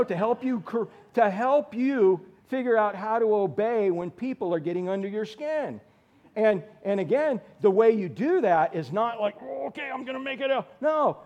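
A man preaching a sermon, animated and direct, calling on listeners by name and asking the room questions. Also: high voice, dull audio. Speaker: pastor.

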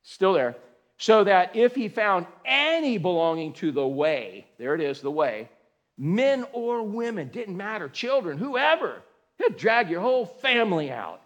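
A middle-aged man preaching a sermon in a folksy, animated way, acting out scenes with sudden shouts and calling listeners man and dude. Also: high voice, a little slow, dull audio. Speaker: pastor.

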